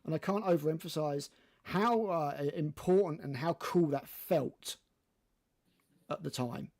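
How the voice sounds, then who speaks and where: A man's voice: on the high side, unhurried, gravelly, darkish tone. An older man co-hosting a casual podcast chat, ranting with frequent swearing and lots of fillers. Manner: ranting and profane, many fillers. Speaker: podcast co-host.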